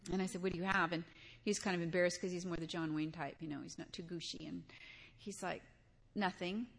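A woman's voice: on the low side, steady tone, quick pace, vocal fry, husky. An older woman preaching a sermon in a conversational way, weaving in personal stories and asking her listeners direct questions.

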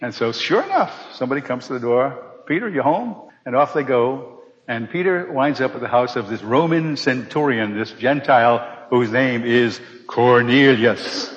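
A middle-aged man telling a personal testimony to a live audience, animated and acting out the voices of the people in his story. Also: medium pitch, normal speed. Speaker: speaker giving a personal testimony. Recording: dull recording in a large reverberant hall.

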